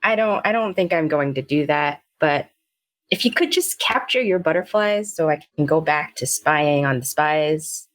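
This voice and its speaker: A woman's voice: low-pitched, expressive, normal speed, a bit bright. A woman voicing a tall, burly, flustered man who wants to be an action star, in a tabletop game. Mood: earnest. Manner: anxious, flustered.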